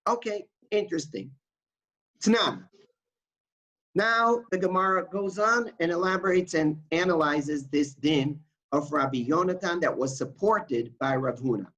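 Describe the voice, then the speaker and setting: A man's voice: fairly high pitch, highs cut off. A man teaching a Talmud study lesson. He repeats key phrases, mixes Hebrew terms into English explanations and checks in with his listeners.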